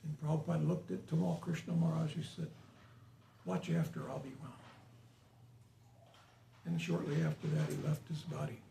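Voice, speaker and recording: Speaking fast with few pauses, a man delivers an informal sermon to a small group, chatting and putting questions to the audience. His fairly high voice is warm, level in tone, with vocal fry; the distant mic sounds roomy, with faint hiss.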